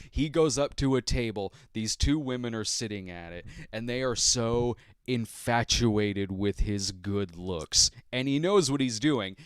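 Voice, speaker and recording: A man's voice: mid-range voice, clean tone, dry recording, clean studio sound. Tired man rambling about movies. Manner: animated, laughs between thoughts, loose fillers. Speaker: podcast host. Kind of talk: casual rambling movie chat.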